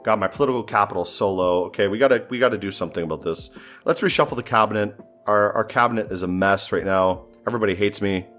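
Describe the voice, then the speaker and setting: A man's voice: on the low side, fast talker, fairly bright tone, faint music behind. A man giving casual, joking commentary while playing a strategy game, thinking aloud and sounding exasperated. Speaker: gameplay streamer.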